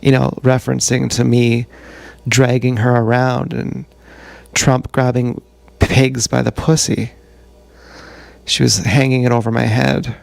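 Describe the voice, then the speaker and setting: A man's voice: medium pitch, flat delivery, measured pace, gravelly, long pauses, a little mellow, dry recording. A man live-streaming a rambling, profane monologue that sounds like he is talking to himself, recorded on an action camera mic. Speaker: vlogger.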